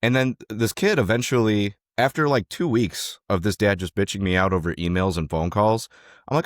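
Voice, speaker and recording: A young man with a fairly low voice tells a story from his coaching days in an easy podcast chat. He talks animatedly, acting out what people said and swearing freely. The sound is dry and close, with no room around it. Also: normal speed, dry recording. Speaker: podcast co-host, former youth wrestling coach.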